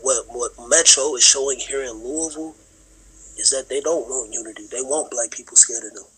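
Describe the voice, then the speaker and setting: Young man interviewee, very raspy, bright tone, emotional, slow and earnest. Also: medium pitch, poor audio. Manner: earnest, slow, sometimes whispery. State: emotional, near tears.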